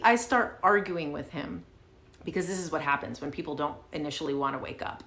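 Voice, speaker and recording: Woman vlogger, casual storytelling, lowish voice, roomy echo. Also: brisk. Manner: animated, swears casually, fillers like "like". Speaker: channel host.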